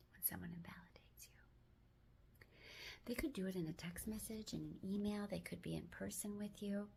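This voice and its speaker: A woman hosting a self-help video, talking gently and mostly in a whisper, with firmer spoken phrases now and then. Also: mid-range voice, normal speed, creaky, a little hiss or hum.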